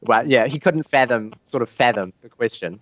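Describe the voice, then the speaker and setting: A man's voice: mid-range voice, lively intonation, normal speed, a bit bright, no echo. A man with an Australian accent, a guest chatting casually in an interview, rambling with many fillers over a remote call. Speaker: guest raid leader. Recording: dull dry lo-fi call audio.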